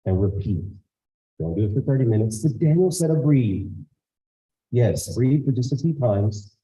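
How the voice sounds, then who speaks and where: Speaking to school staff in a school auditorium, a medium-pitched man delivers a storytelling talk as the guest speaker. He's animated and voices the characters himself, and the recording has its highs cut off.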